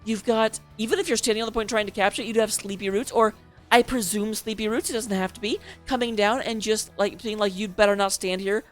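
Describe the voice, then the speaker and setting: A woman's voice: on the high side, steady tone, fast talker, faint music behind. A woman casting a live esports match as its host, chatty and playful, joking between the picks. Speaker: esports caster.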